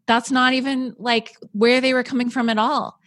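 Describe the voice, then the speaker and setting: A woman's voice: fairly high pitch, flat delivery, normal speed, a bit bright, no room sound, studio quality. A woman hosting a conversation, chatty and enthusiastic, with lots of "like" and "right". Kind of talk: casual conversation.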